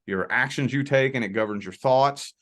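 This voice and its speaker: Speaking at normal speed and medium pitch, a Southern-accented man from Southern Indiana / Louisville, Kentucky appears as a guest spiritual reader in an interview. He stays relaxed, restarts phrases by repeating words, and fills his speech with "you know."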